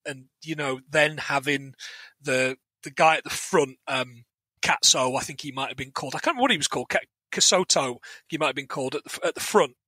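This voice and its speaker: Bright-voiced man rambling casually. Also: a little high, a little fast, slightly rough, no room sound. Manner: rambling, stammers and repeats words. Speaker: podcast guest. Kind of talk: casual film review chat.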